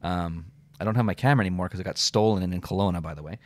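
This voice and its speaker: A man's voice: low-pitched, racing, no room sound, studio quality. A middle-aged man, a comedian and radio host, telling rambling stories with lots of filler words and some swearing in a casual interview.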